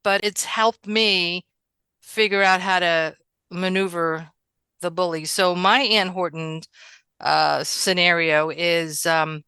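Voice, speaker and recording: A woman from New York, a guest in a casual conversation, telling animated stories from her childhood, acting out quotes and laughing often. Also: lowish voice, takes it slowly, clean tone, dry recording.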